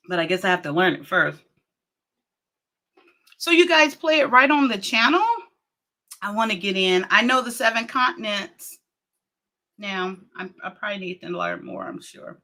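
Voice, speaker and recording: A woman's voice: on the high side, unhurried. A middle-aged woman, hosting a live stream in casual, exclamatory chat. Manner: lively, exclaims and laughs often.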